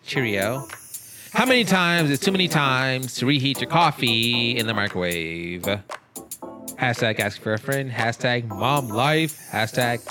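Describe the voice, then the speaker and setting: A man voicing a chirpy British mum posting online, in a put-on Cockney accent and a slow, sing-song delivery. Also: mid-range voice, expressive, over music, natural voice.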